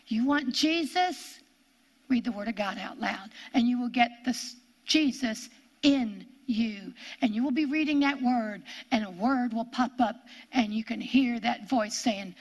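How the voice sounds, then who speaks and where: An older woman giving a sermon, earnest and repetitive, sometimes dropping into hushed whispers for emphasis. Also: fairly high pitch, slow. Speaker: Bible teacher.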